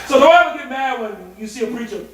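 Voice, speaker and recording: A man preaching a guest sermon, animated and playful, breaking into song, shouts and laughter. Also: extremely high pitch, a little fast, crowd noise. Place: church sanctuary. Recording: echoey church hall, mic at a distance, congregation. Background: congregation responding.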